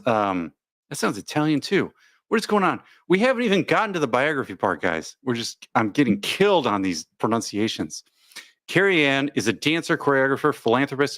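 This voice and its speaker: A man's voice: medium pitch, fairly bright tone, dry recording, studio quality. A man hosting a casual livestream, reading viewer comments aloud and joking as he goes. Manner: chatty, reads chat comments aloud, jokey asides. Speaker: livestream host. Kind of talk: casual live chat commentary.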